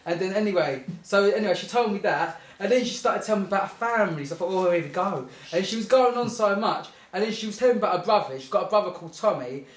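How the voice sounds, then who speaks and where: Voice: mid-range voice, expressive, fast talker, hardly any pauses. A speaker telling a rambling comic anecdote, giggling through it and often saying "anyway". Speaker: storyteller. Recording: echoey room.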